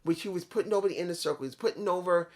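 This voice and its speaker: A man's voice: high voice, very fast. A man reviewing a wrestling show in a casual vlog, rambling, repeating himself and talking straight to his viewers.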